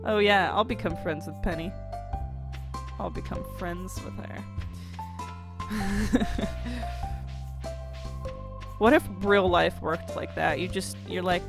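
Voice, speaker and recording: Slow-talking woman playing a game. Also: on the low side, vocal fry, music in the background. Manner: joking, swears freely. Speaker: gamer. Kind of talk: let's play commentary.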